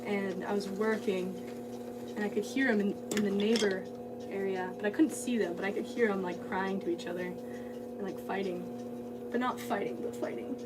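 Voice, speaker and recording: A woman's voice: medium pitch, normal speed. A woman potter on a livestream, chatting casually and rambling to viewers while she works in her studio. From United States. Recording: voice a bit distant, steady hum behind.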